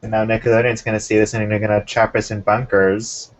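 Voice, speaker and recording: A young man hosting a casual chat, relaxed and talkative, keeping an eye on the time. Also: lowish voice, a little fast. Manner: relaxed, chatty, keeps time. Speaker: podcast host. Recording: muffled lo-fi recording.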